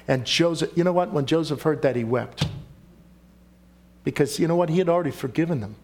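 Male preacher with a somewhat high voice, emphatic sermon delivery that questions the listeners. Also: fairly quick, pauses often, a little mellow. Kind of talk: sermon with scripture reading.

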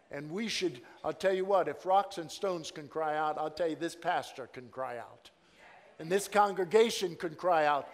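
A male pastor preaching a sermon, swinging from hushed, low passages to loud, shouted exclamations. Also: moderate pace, in a large hall.

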